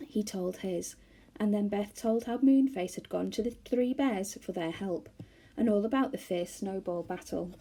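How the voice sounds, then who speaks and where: A woman reading a children's novel aloud to schoolchildren, expressive and animated. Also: medium pitch, normal speed. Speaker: storyteller for schoolchildren.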